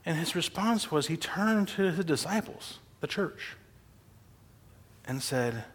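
A man preaching a sermon to a congregation in a church, animated and informal, often laughing. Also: high voice, unhurried, husky. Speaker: guest preacher. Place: church sanctuary. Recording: long hall reverb.

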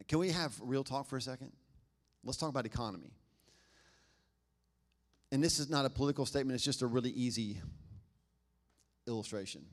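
A man preaching a sermon in a casual, conversational way, often asking the congregation questions. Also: mid-range voice. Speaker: pastor.

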